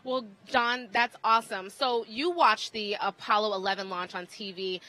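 An upbeat woman presents a news feature, leaning hard on key words as she steers the interview. Her tone is bright and clear. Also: medium pitch, normal speed, low-quality recording. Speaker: news host.

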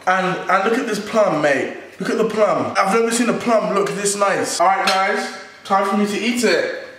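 A man hosting a comedy vlog, excitable and exaggerated, swearing freely. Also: sits high, normal speed. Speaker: YouTube host. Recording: echoey room, distant mic, background music.

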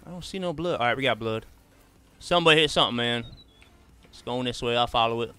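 A man's voice: medium pitch, fast talker, bright, forceful tone, clear, resonant tone. A man doing casual live gaming commentary, chatting easily with viewers and tossing in "man" and "bro" all the time. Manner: laid-back, drawls "man" and "bro" often. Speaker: streamer.

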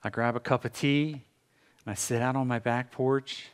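A middle-aged American pastor preaching a sermon with dramatic pauses, now and then acting out voices. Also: male voice, medium pitch, steady tone, clear, resonant tone. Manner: dramatic pauses, acts out God's voice and a busy morning. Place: church sanctuary.

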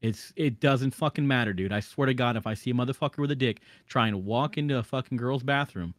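A man's voice: medium pitch, fast talker, no room sound, clean studio sound. Emphatic swearing male podcast host. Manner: emphatic, heavy swearing, ranting. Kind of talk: casual podcast chat.

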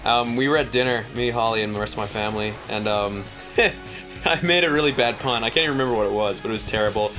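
A man's voice: fairly low pitch, fast, pushed and bright. A young man co-hosting a gaming chat, telling rambling anecdotes and correcting himself as he goes. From Australia. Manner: rambling storyteller, self-correcting. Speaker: co-host. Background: game music.

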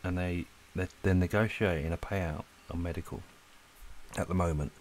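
A man rambling casually to viewers as he draws, relaxed and a little breathless. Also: sits low, normal speed, slight background noise. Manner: relaxed, rambling, talks to viewers while drawing. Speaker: art channel host. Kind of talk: casual chat while drawing. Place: lives in Spain.

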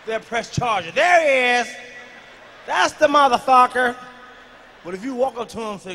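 A man doing loud, profane, animated stand-up comedy on stage, telling stories and shouting punchlines. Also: very high voice, moderate pace. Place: comedy stage before a live audience. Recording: live show recording with reverb and noise.

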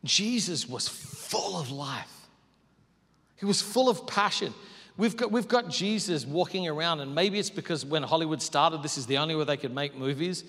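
A man preaching a sermon as pastor, moving between loud bursts and hushed near-whispers. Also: on the high side, moderate pace. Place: large church hall. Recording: hall reverb.

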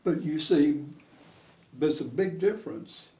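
An older man being interviewed, telling old memories in a halting way with many pauses and fillers. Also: fairly high pitch, lively intonation, warm tone, distant mic. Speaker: interview guest. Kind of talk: reminiscing conversation. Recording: echoey room, voice off-mic.

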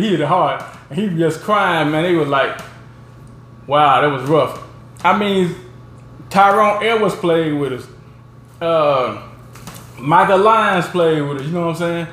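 A man hosting his own show, telling rambling, animated stories about backyard games and peppering them with "you know what I'm saying". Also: sits high, reverberant, slight background noise. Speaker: show host. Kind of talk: casual storytelling.

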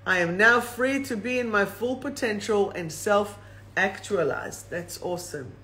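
A woman hosting a live-streamed oracle card reading, reading each affirmation slowly and then repeating it. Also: medium pitch, bright, forceful tone. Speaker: host and card reader.

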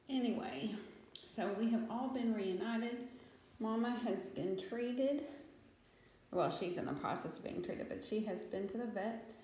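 A woman's voice: medium pitch, a little slow, dark tone, slight background noise. Woman chatting in a very echoey room. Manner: coos baby talk to cats, rambling. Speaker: cat rescuer vlogging. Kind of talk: casual chat. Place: room in a house.

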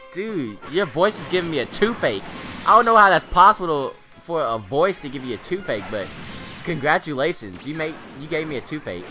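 A teenage boy hosting gameplay commentary, excitable, rambling and self-mocking. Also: fairly high pitch. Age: teens. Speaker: gaming channel host.

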